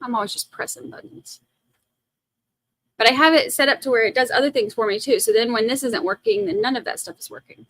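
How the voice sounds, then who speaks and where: A woman's voice: high-pitched, expressive, a little fast, vocal fry, a bit bright, no echo. A woman hosting a trial stream, chatting in a casual, playful way on a close mic. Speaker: host commenting on a trial stream. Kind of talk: casual live commentary.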